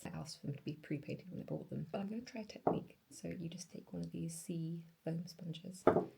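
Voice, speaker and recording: A woman's voice: on the low side, fairly quick, gravelly, whispered. A young woman, chatting casually through her week in a vlog while she crafts and sorts her collections. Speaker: vlogger.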